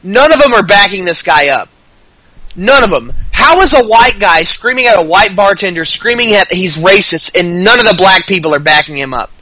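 A man on a podcast rambles through a story, laughing and swearing as he goes. His voice sits high and sounds bright and forceful. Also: lively intonation, normal speed, no echo, poor audio. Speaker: podcast co-host. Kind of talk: casual podcast chat.

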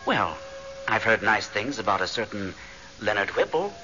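A sly, teasing ghost. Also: male voice, lowish voice, sing-song, normal speed, music in the background. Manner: dry, teasing, knowing. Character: ghostly man, Paul's dead friend, sly. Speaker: actor in radio drama. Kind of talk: 1970s radio drama acting. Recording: dull vintage radio broadcast, faint hiss.

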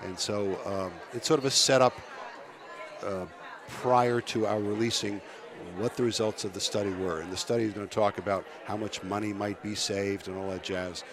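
Guest man with a cold, very deep voice, crowd chatter behind. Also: fairly even intonation. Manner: thoughtful, halting explanations with restarts. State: coming down with a cold. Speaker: guest speaker, commission chair. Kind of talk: radio interview.

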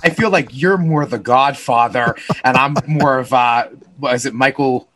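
A man's voice: mid-range voice, moderate pace, fairly bright tone. A man, a real estate agent co-hosting a podcast, explaining the steps to buyers in an earnest, advising way. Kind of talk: casual explanatory podcast talk.

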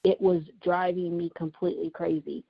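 A woman's voice: lowish voice, little pitch movement, normal speed, creaky, slightly rough. Lady podcaster telling her own hard story, emotional, repeats herself a lot, muffled audio. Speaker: podcast host and writer. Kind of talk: personal storytelling monologue. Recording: dull lo-fi recording.

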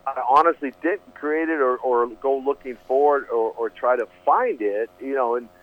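A man's voice: medium pitch, normal speed. An earnest man recounts his testimony as an interview guest, circling back and repeating words as he finds his thread. He sounds thin and tinny, like he is calling in on a phone line. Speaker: guest, preacher. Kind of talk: storytelling testimony.

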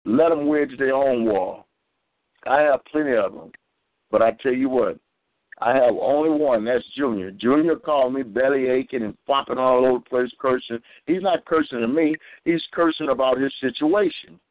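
A man's voice: mid-range voice, moderate pace, no echo. A man preaching over a phone call, telling a story and restarting his words often. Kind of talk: preaching testimony. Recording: tinny phone line, dry.

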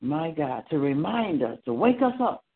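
A man leads a morning prayer with the fervor of a sermon, repeating his phrases and pushing his voice up into cries. His voice sits a little high and swings widely in pitch. The sound comes through a thin, phone-like line. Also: big pitch swings, moderate pace. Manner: fervent, repetitive exhortation with rising cries. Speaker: preacher leading morning prayer.

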